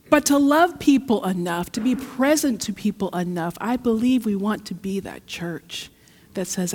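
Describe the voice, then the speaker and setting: Woman preacher, high-pitched voice, storytelling sermon, church reverb. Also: fairly quick. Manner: storytelling, emotional, lively. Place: church sanctuary.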